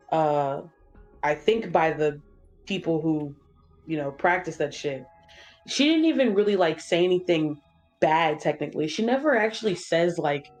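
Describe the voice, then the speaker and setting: A co-host of a gaming channel rambles through a casual chat while playing, leaning on fillers and dropping swears without a second thought. The voice sits at an ordinary middle pitch. Soft game music hums in the background.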